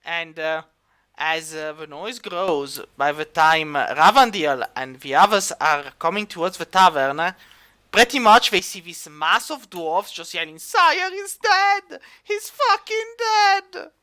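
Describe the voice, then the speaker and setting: Game master, slow and bright-toned, hesitant with fillers, clear voice. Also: medium pitch. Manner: hesitant, many fillers and restarts. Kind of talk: narrating a tabletop game.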